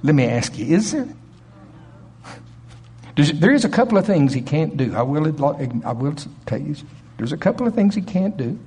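A man preaching a sermon in an animated way, acting out voices with sudden jumps in pitch. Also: normal speed, long pauses, breathy edge.

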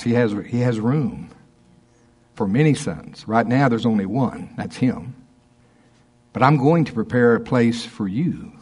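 A man preaching a conversational sermon, laughing often and slowing down to stress scripture verses. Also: medium pitch, darkish tone, husky. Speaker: pastor.

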